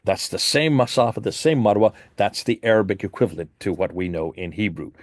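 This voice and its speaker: A man's voice: fairly quick, dry recording, studio quality. A man giving an emphatic lecture presentation with slides, asking the audience rhetorical questions. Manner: emphatic, rhetorical questions, animated swings in pitch. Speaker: Christian apologist presenter.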